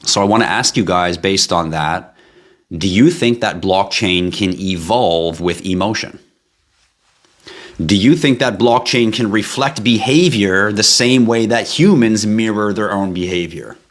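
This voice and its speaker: Deep-voiced man pitching on a livestream. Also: unhurried. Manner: hype-driven sales pitch with asides and tangents. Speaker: live stream host pitching a blockchain project. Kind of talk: casual live-stream pitch.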